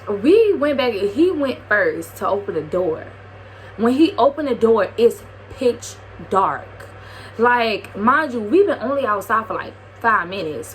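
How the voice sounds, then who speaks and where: A young woman vlogger telling a casual storytime tale, lively and slangy, acting out the quotes. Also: medium pitch, slight background noise.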